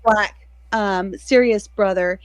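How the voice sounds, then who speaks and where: A woman's voice: medium pitch, takes it slowly, a crowd in the background. A woman co-hosting a book podcast, talking in a casual, rambling way and laughing often. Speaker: podcast co-host. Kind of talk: casual chat.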